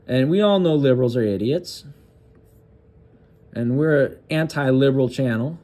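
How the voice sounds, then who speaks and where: A man's voice: medium pitch, warm tone. Sarcastic man reading news with crude asides. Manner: loose, halting reading with fillers and restarts. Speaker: political commentary host. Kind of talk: reading a news article aloud with commentary.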